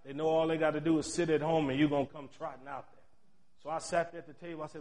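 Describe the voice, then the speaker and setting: Preaching man with a high voice. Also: level tone, quick pace. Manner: preaching with big swings in loudness, from shouts to near murmurs; storytelling, with chatty asides. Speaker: pastor. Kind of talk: sermon.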